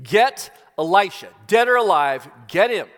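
A man's voice: sits high, measured pace, a bit bright, voice pushed up. A man voicing an angry, suspicious male king who gives commanding, accusing orders, in a long reverberant hall.

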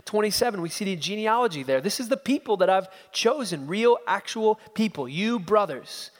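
A man's voice: sits high, lively intonation, moderate pace, big-room sound. A man preaching an expository sermon, emphatic and building his points through repeated phrases.

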